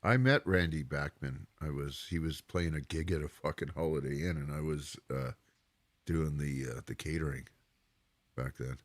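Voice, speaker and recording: A man's voice: very deep voice, normal speed, no room sound. A man co-hosting a casual live stream, blunt and joking with frequent swearing.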